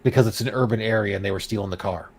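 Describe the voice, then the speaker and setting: A man's voice: fairly low pitch, racing, a little mellow, low-quality recording. A man hosting a casual podcast chat, ranting and reading out quotes with a sarcastic edge. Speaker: podcast host.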